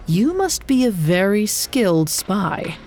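Woman doing a low, quiet warrior chief. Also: big pitch swings, faint music behind, heavily acted. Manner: slow, low and measured. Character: deep-voiced one-eyed male warrior chief, calm, menacing.

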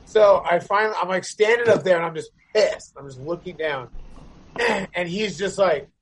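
A man's voice: high voice, normal speed, slightly rough, rough recording. A man in a band telling a long, rambling story in casual chat, swearing constantly and packing his talk with fillers.

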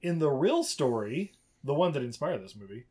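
A man's voice: on the high side, sing-song, normal speed, darkish tone, breathy edge. A man co-hosting a casual movie podcast, joking around, laughing often and swearing freely. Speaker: podcast co-host.

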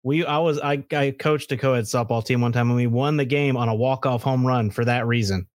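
A man's voice: medium pitch, fairly quick, dry recording, clean studio sound. A man hosting a podcast, eagerly jumping in with his own story and stumbling over his words. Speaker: podcast host. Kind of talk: casual chat.

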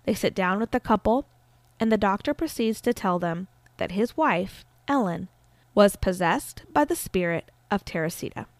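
A woman narrating a true-crime story in a chatty, casual podcast style, dropping fillers as she goes. Her voice sits at a middle pitch and sounds close and dry. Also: expressive, moderate pace, dry recording. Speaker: podcast host.

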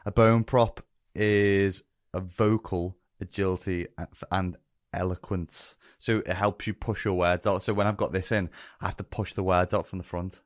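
A man's voice: sits low, fairly even intonation, moderate pace, hardly any pauses, dry recording, studio quality. A man with a Scouse accent co-hosting a podcast in casual chat, joking and working on careful pronunciation. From Northern England. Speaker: podcast co-host.

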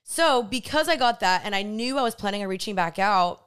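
A young woman, co-host, telling her side of a story in casual chat, expressive and quick to chime in. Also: medium pitch, clean tone. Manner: expressive, chimes in, laughs easily.

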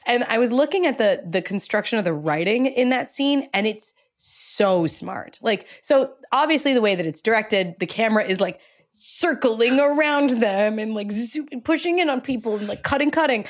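A woman's voice: on the high side, moderate pace. A woman co-hosting a podcast, talking enthusiastically in casual chat about a TV episode. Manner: enthusiastic, animated storytelling. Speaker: podcast co-host.

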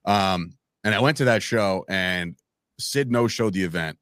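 A man telling stories as a podcast guest in a casual, animated way, acting out quoted lines and calling the listener "bro" and "man". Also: low-pitched, measured pace, clear, resonant tone, dry recording, studio quality. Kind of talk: casual storytelling chat.

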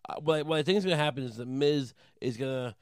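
A man doing a rambling comic monologue, deadpan and crude, halting with many fillers. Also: medium pitch, smooth, no room sound, studio quality. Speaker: comedian.

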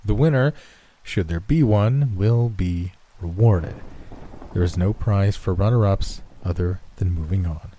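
A man voicing a bored, aloof wealthy company head in a spoken horror story, speaking in a flat monotone. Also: low-pitched, unhurried, a little hiss or hum.

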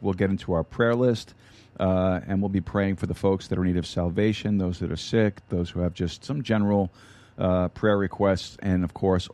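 Low, dark-voiced male podcast host. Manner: rambling with frequent fillers and restarts. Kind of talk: casual announcements.

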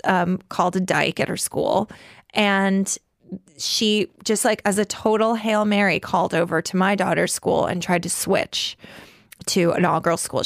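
Gravelly, blunt woman in her forties. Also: mid-range voice, no echo, studio quality. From New York. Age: 40s. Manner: blunt and profane, talking in quick run-on bursts with many "like"s. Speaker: guest. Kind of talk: candid personal storytelling in conversation.

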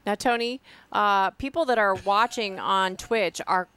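A woman's voice: medium pitch, measured pace, fairly bright tone, clean tone, no room sound. A woman on a talk show who reads viewer questions and sets up the next segment, in an upbeat way. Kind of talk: casual show chat.

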